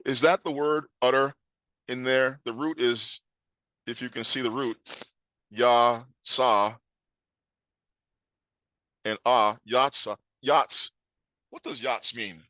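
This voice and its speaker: A man teaching a scripture class, emphatic, quizzing his listeners and reading words aloud slowly. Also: medium pitch, steady tone, pushed and bright, dry recording.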